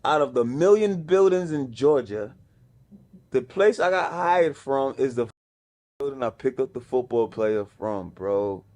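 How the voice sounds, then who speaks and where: This man speaks a little slowly in a medium-pitched, darkish voice with lively intonation. Hailing from Brownsville, Brooklyn, and carrying a New York accent, the music executive guests on a podcast, telling a slang-filled story and mimicking the people he quotes.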